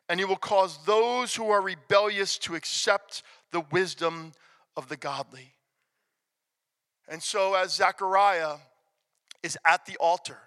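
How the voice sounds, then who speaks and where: A man preaching a sermon, emphatic, swinging from loud declarations to hushed near-whispers. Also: sits high. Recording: long reverb of a large hall.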